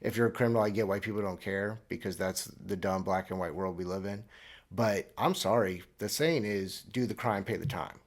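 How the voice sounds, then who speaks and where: Podcast host, thirties, deadpan and sarcastic, restarts a lot, lowish voice. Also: male voice, moderate pace. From Florida. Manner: rambling with restarts, mock-earnest. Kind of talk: solo comedic monologue. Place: traveling abroad, recording alone.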